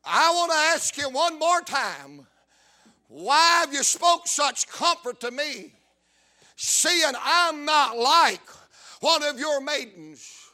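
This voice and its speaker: A man's voice: very high-pitched, very animated, slow, bright, forceful tone, full character voice. A man with a South Carolina accent voicing a humble young foreign woman in a sermon, pleading in plain folksy speech.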